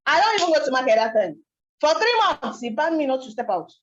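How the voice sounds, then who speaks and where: A young woman speaks in a high voice, telling her story with emphatic, animated energy and many rhetorical questions. The sound is roomy and a little dull, like a talk given in a hall. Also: fast, slight background noise. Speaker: network marketing speaker. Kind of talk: motivational testimony talk.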